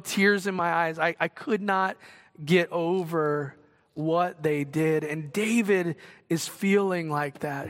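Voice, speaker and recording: A middle-aged man preaching a sermon in a church sanctuary, his high, bright voice trailing a long hall reverb. He is earnest, rising to loud exclamations and dropping to quiet reflection. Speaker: pastor.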